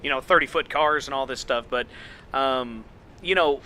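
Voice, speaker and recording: A man hosting a casual interview, laid-back and quick to chuckle as he chats and asks questions. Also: mid-range voice, pushed and bright, a little hiss or hum. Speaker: podcast host.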